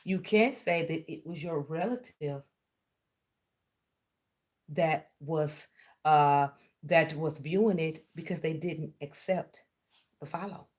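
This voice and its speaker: A woman's voice: sits low, slow, long pauses, a little mellow. A woman, ranting on her vlog and sarcastically accusing someone of spying on her. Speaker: vlogger. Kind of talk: confrontational callout rant.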